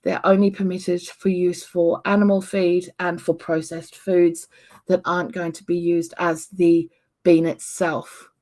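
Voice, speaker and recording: A woman hosting a casual livestream, chatting with viewers and answering their comments in a relaxed, rambling way with frequent ums. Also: lowish voice. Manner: unhurried with frequent ums and small laughs. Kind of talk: casual live-stream chat.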